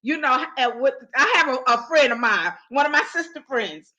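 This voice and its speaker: A Christian counselor hosts a live online counseling talk, speaking earnestly in a warm, emphatic preaching tone while often repeating and restarting her words. Her voice sits high with lively intonation at a normal speed, though the audio is poor.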